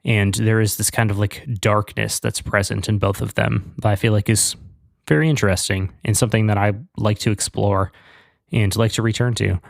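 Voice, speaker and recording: A man's voice: on the low side, fairly even intonation, moderate pace, gravelly, no room sound, clean studio sound. A man co-hosting a pop culture podcast, chatting casually and enthusiastically with lots of fillers. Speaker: podcast co-host. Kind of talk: casual chat.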